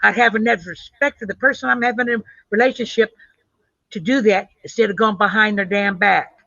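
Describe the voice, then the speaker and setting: A woman's voice: mid-range voice, fairly quick, gravelly, fairly bright tone. A woman speaks bluntly and tough, dropping a casual curse as she tells her stories. The recording is dull and lo-fi, with a dry, close sound and no room echo. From United States. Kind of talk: casual chat, personal storytelling.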